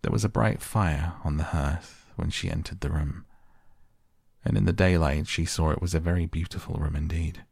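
A man narrating a classic novel softly and calmly as a bedtime story. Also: rumbling low, moderate pace, creaky, breathy edge, no echo, clean studio sound. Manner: gentle, calm. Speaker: audiobook narrator. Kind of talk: soft bedtime story reading.

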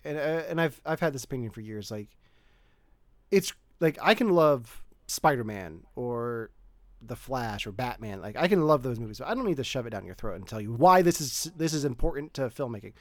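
A man's voice: medium pitch, animated, fairly quick, no room sound. A man co-hosting a casual movie podcast, talking earnestly and often restarting his sentences with "like.". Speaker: podcast co-host. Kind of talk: casual movie review chat.

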